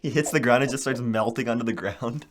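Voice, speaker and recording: A man's voice: medium pitch, a little fast. A young man co-hosting a podcast, telling a story in casual chat and laughing often. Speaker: podcast co-host.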